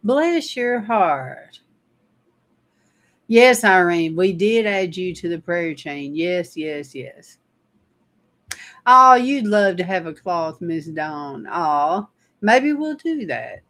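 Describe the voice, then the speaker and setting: A woman's voice: fairly low pitch, very animated, takes it slowly, fairly bright tone. A woman teaching a livestream Bible study, reading scripture and retelling stories in a chatty way with frequent laughter. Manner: chatty, laughs often while telling stories.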